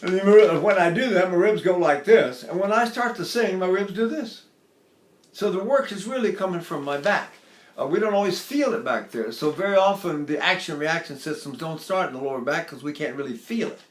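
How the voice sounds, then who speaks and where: In a roomy-sounding space, an older man with a high voice runs a brisk singing lesson. He lays out technique and regularly slips into quick sung exercises to show what he means.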